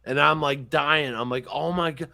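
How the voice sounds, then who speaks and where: A man's voice: on the high side, moderate pace, vocal fry, no room sound. A man on a podcast telling childhood stories in casual chat, cursing often and acting out the people in his stories. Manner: profane, animated storyteller. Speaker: podcast host.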